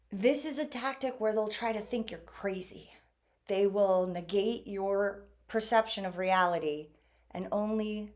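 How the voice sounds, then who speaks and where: A woman vlogger talking casually to camera, animated, acting out quoted exchanges as she goes. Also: medium pitch.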